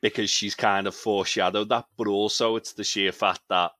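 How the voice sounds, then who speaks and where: A man's voice: fairly low pitch, fairly even intonation, moderate pace, pushed and bright, no room sound. A man co-hosting a casual TV review chat, analysing loosely with plenty of fillers. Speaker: podcast co-host.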